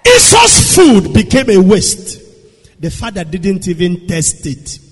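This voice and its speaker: A man preaching a sermon, swinging between hushed storytelling and shouted declarations. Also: high-pitched, wildly swooping pitch, slow pace, husky. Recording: long echo of a large hall.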